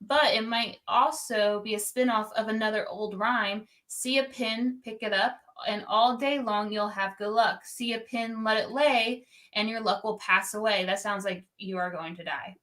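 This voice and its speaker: A woman from New Jersey co-hosting a podcast, chatting casually and animatedly with quick asides and laughter. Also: mid-range voice, fairly bright tone. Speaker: podcast co-host. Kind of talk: casual chat.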